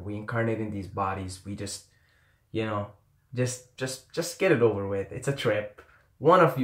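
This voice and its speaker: A man's voice: medium pitch, echoey room. A man giving casual dating advice to camera, rambling, swearing freely and repeating himself.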